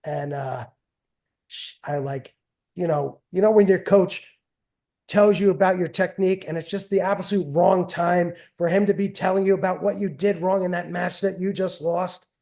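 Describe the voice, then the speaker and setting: Chatty middle-aged man, mellow voice. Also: high voice, fairly even intonation, normal speed, gravelly. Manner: rambling, repeats phrases, chatty and self-mocking. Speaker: wrestling coach, guest. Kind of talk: casual storytelling interview.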